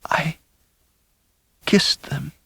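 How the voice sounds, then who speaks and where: A man voicing a frail, dying woman who pleads in a faint, breathy whisper, as whispered role-play in an audiobook. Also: very slow, sharp tone, dry recording, full character voice. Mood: faint, pleading. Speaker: audiobook narrator.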